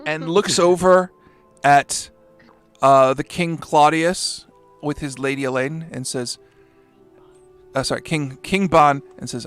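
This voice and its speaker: Male GM, narrates with dry asides and the odd curse; a touch high-pitched, soft music bed. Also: unhurried. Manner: swearing, wry asides, voicing characters in quotes. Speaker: game master. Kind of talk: narrating a tabletop game.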